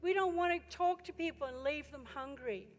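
A woman pastor delivers a sermon in a church. Her voice sits high and climbs to loud, urgent exhortation, and between those passages she drops to chatty questions for the congregation. Her voice rings out in a reverberant hall with faint music behind it. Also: moderate pace. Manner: impassioned, builds to loud exhortation.

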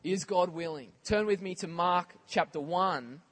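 A man preaching a sermon in a conversational, animated way, with casual asides to the congregation. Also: sits high, measured pace.

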